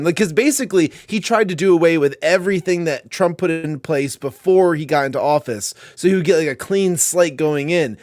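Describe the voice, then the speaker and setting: Man, podcast co-host, casual joking chat, slightly high pitch, dry close sound. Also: brisk, a little mellow, no room sound. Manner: joking, chatty, many fillers.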